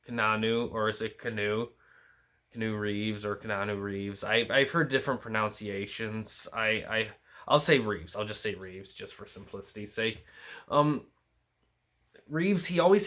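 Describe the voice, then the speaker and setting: A young man thinks aloud about an actor's career in a loose, unscripted solo review. He trails off, restarts and fills gaps with "um" and "like" as he searches for his point. His voice sits at an ordinary middle pitch. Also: fairly bright tone. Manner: rambling, many restarts and fillers. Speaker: film review host. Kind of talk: casual solo film commentary.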